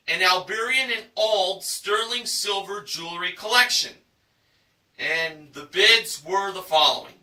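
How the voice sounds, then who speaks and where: Man, game show recap host, showy announcer delivery, slow pace, roomy echo. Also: sits high, far from the mic. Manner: showy announcer delivery, drawn-out shouted prices. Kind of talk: enthusiastic scripted recap narration.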